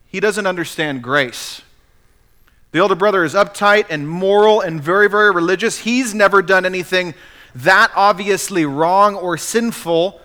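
A pastor preaching a sermon in an animated, emphatic storytelling manner. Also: male voice, a little high, normal speed.

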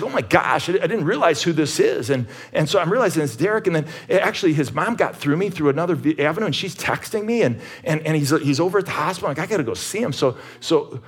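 A middle-aged man preaching a sermon as pastor, husky-voiced, telling stories and rising to emphatic peaks. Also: on the high side. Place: church sanctuary.

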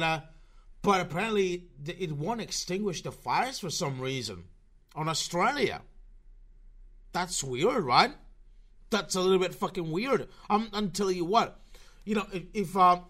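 A man hosting his own podcast, rambling through sarcastic, profanity-laden commentary with a slurred, low-energy delivery. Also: pushed and bright. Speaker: podcast host.

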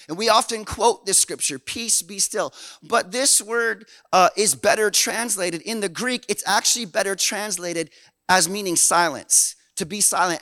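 A man from Canada preaching a sermon in an animated, folksy way, dropping low and then swelling loud. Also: no room sound. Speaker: pastor.

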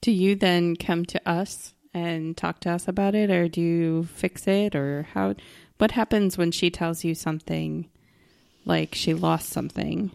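A middle-aged mother calmly interviewing her daughter with deliberate questions. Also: fairly low pitch, creaky, dry recording, studio quality. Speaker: parent interviewer.

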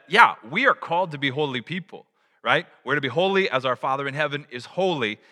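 A man preaching a sermon as pastor, animated, acting out little scenes from everyday life. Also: a little high, big-room sound.

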